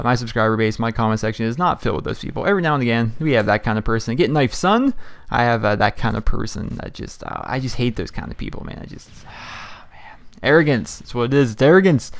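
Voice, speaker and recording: Man, gaming YouTuber, rapid casual commentary, chatty and rambling, mid-range voice. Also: medium pitch, animated, clear, resonant tone. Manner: rambling, chatty, frequent fillers and restarts.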